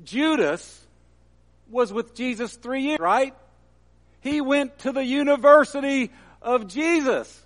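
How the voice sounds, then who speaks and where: A man's voice: very high-pitched, expressive, slow pace. A man preaching a sermon in an earnest, emphatic way that builds at times.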